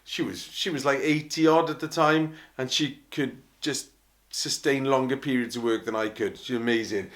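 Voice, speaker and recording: A man's voice: medium pitch, fairly even intonation, normal speed, fairly bright tone. A Welsh man, an opera singer, telling anecdotes in a chatty, self-mocking way, often laughing at himself. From Wales. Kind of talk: casual anecdotal storytelling.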